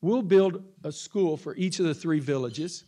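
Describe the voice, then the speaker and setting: Man, pastor, lively storyteller, fairly high voice, laughs a lot. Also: a little slow. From Texas. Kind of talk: storytelling talk.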